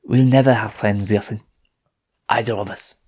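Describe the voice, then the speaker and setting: A man's voice: fairly low pitch, fairly even intonation, normal speed, darkish tone, husky. A man voicing a guarded young French woman trained as an assassin, curt and snappish. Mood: cold.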